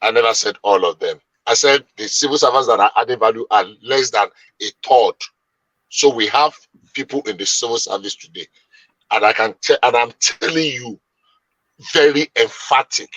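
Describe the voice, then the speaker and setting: A man making his case in a heated debate, emphatic and long-winded. His voice is bright and forceful with a husky edge, sitting a little high. The sound is close and dry. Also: dry recording, rough recording. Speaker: debate panelist.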